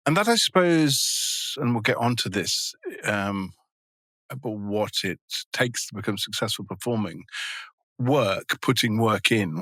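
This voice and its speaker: A man hosting a casual podcast interview, chatty and quick to laugh, with rambling questions. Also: fairly low pitch, bright, forceful tone, dry recording. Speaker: podcast host.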